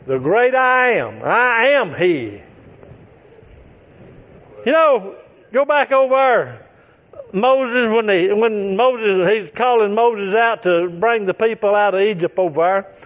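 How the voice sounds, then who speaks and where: A man as a preacher: very high voice, unhurried, emphatic and repetitive, builds to shouts. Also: animated. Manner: occasional shouts and chuckles. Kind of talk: sermon.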